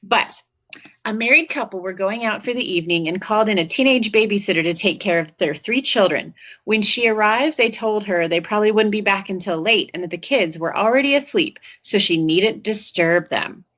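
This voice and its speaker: A woman's voice: mid-range voice, lively intonation, a little fast, fairly bright tone. A woman podcast co-host telling a scary story in casual chat, with wry, sarcastic asides.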